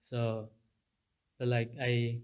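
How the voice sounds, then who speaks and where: A man who is a podcast guest, telling stories in halting non-native English with many restarts and fillers, laughing as he talks. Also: mid-range voice, monotone, a little mellow, clean tone. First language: Japanese or Thai. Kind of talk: casual conversation.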